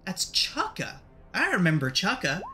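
A friendly young woman, played by a man in a tabletop game, recalling things in a halting, rambling way. Her voice sits noticeably higher than his usual speech and stays bright. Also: huge pitch swings, faint music behind, exaggerated voice. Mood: excited. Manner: hesitant, rambling recollection. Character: young female companion, friendly and wistful.

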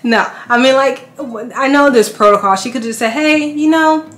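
A woman in her thirties, a family vlogger, telling a personal story casually to camera and acting out what people said. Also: a little fast. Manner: animated, acts out quotes with big pitch jumps. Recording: echoey room with faint music.

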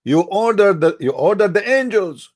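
A man with a somewhat high voice hosts a live-streamed religious debate. He argues in a mocking, combative way and keeps throwing rhetorical questions at his audience. His English is non-native, full of restarts and loose grammar. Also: expressive, moderate pace, darkish tone. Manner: mocking and argumentative, piles up rhetorical questions to viewers.

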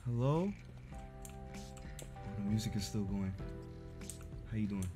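A man's voice: fairly low pitch, expressive, slow. Jumpy, foul-mouthed young male streamer. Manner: profane, jumpy, joking running commentary. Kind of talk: horror game live commentary. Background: game music.

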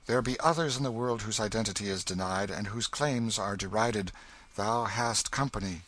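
A man voicing a young boy king who speaks with gentle, childlike simplicity. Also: fairly low pitch. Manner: soft, gentle, unhurried.

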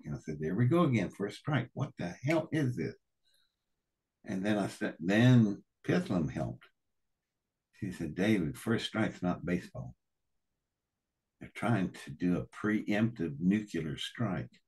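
An older man with a very low, husky voice tells his story as an interview guest. He acts out each line of dialogue himself and drops in the odd curse. He swings between raised outbursts and hushed, heavy passages. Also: unhurried. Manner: animated, acts out quoted dialogue, swears. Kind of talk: emotional first-person storytelling.

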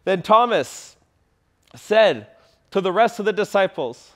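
A man's voice: sits high, very animated, measured pace, fairly bright tone. A man preaching a sermon to his congregation, retelling a story with acted-out quotes and repeating key lines for emphasis. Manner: addresses the congregation directly. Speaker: pastor.

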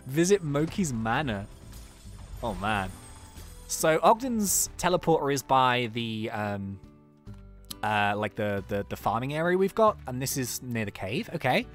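A let's-play host chatting excitedly through gameplay, laughing often and reacting out loud. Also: medium pitch, a little slow, faint music behind. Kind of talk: casual gameplay commentary.

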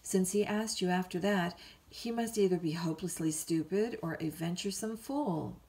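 A woman's voice: fairly low pitch, moderate pace, darkish tone, natural voice. A woman reading a bedtime story, voicing a blunt middle-aged housekeeper who answers in a dry, scolding way. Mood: tart.

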